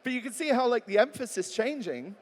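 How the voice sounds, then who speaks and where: A man's voice: very high-pitched, animated, brisk. A man giving a live talk as a voice actor, chatty and joking, acting out example readings. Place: large talk venue. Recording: long hall reverb.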